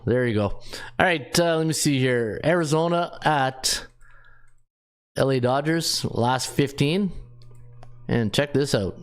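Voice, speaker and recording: A man's voice: medium pitch, slow, long pauses, clear, resonant tone. A man hosting a sports betting show, running through his picks in a casual way, thinking aloud and reading off stats with lots of fillers.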